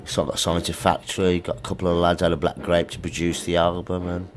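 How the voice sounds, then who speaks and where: A man's voice: sits low, little pitch movement, fast talker, a little hiss or hum. A middle-aged man, a musician telling anecdotes in a casual interview, full of slang. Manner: chatty anecdotes with slang and laughs. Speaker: musician guest.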